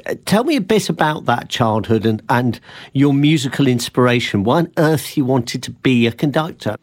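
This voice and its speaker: Man interviewer asking measured questions. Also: medium pitch, lively intonation. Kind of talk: broadcast interview.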